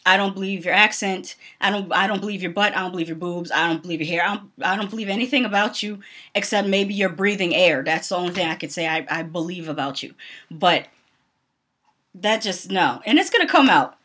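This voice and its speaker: A woman's voice: lowish voice, fairly quick, fairly bright tone. A young adult woman from the Northeastern US, giving casual commentary on a reality TV show in her vlog. She is blunt and opinionated, laughs often and fills her talk with "um"s. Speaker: vlogger.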